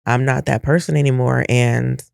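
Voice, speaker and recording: A man's voice: medium pitch, fairly even intonation, normal speed, creaky, clean tone, no room sound, clean studio sound. A middle-aged man co-hosting a casual podcast chat, reflective and emphatic, firing off rhetorical questions. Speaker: podcast co-host.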